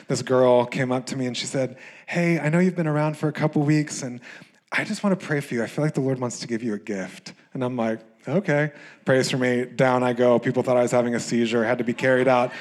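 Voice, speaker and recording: Laughing American pastor preaching a sermon. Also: male voice, medium pitch, brisk. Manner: animated storytelling with laughter and fillers.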